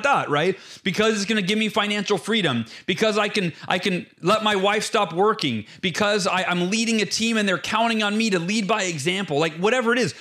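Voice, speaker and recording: A man with a notably high voice talks as a guest in an interview, energetic and emphatic. He walks through ideas in clear numbered steps, pressing each point home like a motivational speaker. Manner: emphatic, acts out inner voices.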